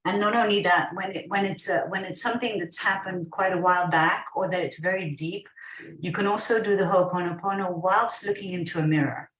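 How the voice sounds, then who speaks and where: A woman, a guest medical intuitive, calmly explaining mind-body healing in a measured, reassuring way. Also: on the low side, a little hiss or hum. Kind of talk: calm explanatory talk. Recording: roomy, distant from the mic.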